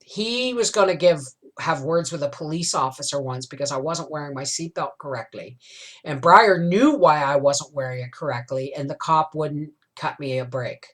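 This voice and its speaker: Middle-aged woman vlogger, low-pitched, rambling, emotional storyteller. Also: normal speed. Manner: tag questions like "right?". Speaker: homestead vlogger. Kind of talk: casual storytelling chat.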